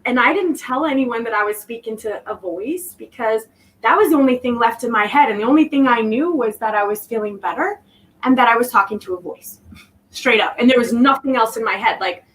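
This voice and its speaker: A woman guest telling a personal story in an interview, reflective and halting, often restarting her sentences. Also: fairly high pitch. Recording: voice distant from the mic.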